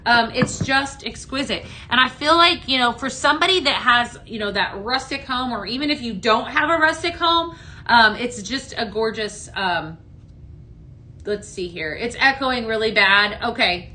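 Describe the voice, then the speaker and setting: A woman's voice: on the high side, lively intonation, normal speed, bright, forceful tone, a little hiss or hum. A woman hosting a live product-demo stream in an echoey room, chatting with viewers and answering their comments, with frequent ums. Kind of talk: live sales demo chat.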